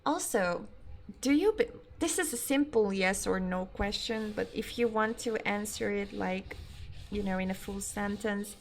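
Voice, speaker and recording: An unhurried young woman streamer who speaks English as a second language chats with her viewers. She swears freely, laughs easily, and lets her thoughts wander. A faint hiss of room noise sits under her voice. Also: medium pitch. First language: not English. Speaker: game streamer. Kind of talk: casual live-stream chat.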